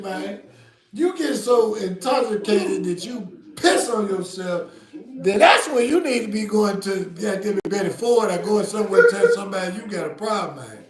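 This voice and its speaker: A man hosting a podcast, telling a story in casual, profane chat with loud outbursts. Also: high voice, lively intonation, moderate pace. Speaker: podcast host. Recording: roomy echo.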